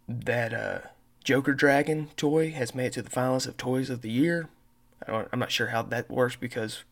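A man's voice: mid-range voice, creaky. A man hosting a podcast, telling rambling stories in a casual, profane monologue. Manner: says he has a terrible accent and mispronounces words. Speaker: podcast host.

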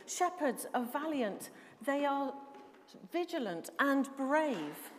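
A woman preaching a sermon, measured and emphatic, putting questions to the congregation. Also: high-pitched, slight background noise. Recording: reverberant hall.

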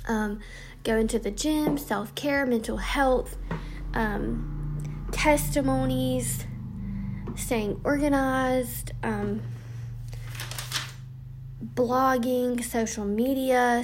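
Young woman, podcast host, slightly high voice, sleepy, chatty, filler-heavy. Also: noisy background. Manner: chatty, frequent ums, reading from notes. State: tired, yawning. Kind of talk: casual podcast intro monologue.

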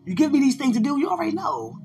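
A woman hosting a podcast, talking casually about faith and preaching in an animated way, laughing often and speaking straight to her listeners. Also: high voice, very fast, gravelly, soft background music. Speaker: podcast host, preacher and gospel rapper.

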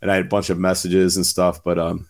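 Brief: deep-voiced man, casual rambling storyteller, heavy fillers, swears freely. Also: completely flat delivery, quick pace. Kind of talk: casual chat.

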